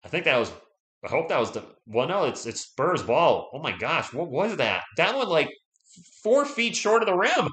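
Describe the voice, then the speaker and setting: A man hosting a live stream, giving casual play-by-play commentary, chatty and excitable, and talking straight to his viewers. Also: fairly high pitch, normal speed. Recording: echoey room.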